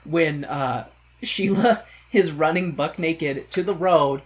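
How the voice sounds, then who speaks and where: A man's voice: fairly high pitch, slow. A man co-hosting a podcast in casual chat, retelling film scenes and acting out the characters' lines. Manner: animated retelling, acts out quoted lines. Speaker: podcast co-host.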